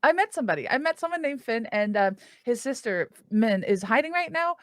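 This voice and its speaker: A woman voicing a cheerful, naive young elf who is excitable and childlike. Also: a little high, a little fast, dry recording, clean studio sound. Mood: eager.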